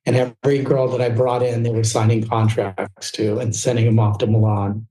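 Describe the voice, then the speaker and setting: A man's voice: medium pitch, level tone, normal speed, warm tone, roomy sound, rough recording. A middle-aged man from Southern California, telling his story as a podcast guest in a candid, rambling way. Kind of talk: casual storytelling interview.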